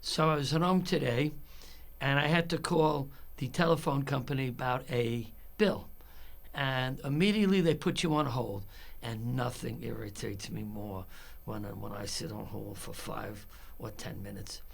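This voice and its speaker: Gravelly man ranting about a phone call. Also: mid-range voice, normal speed. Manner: building irritation, acts out both sides of a phone call. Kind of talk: angry storytelling monologue.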